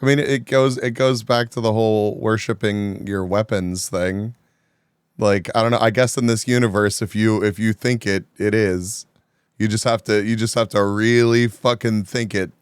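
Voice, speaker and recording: A man's voice: on the low side, fairly even intonation, normal speed, clean tone, no echo, studio quality. A man chatting casually, hesitating and restarting, with the odd curse. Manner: hesitant, profane. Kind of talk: casual chat.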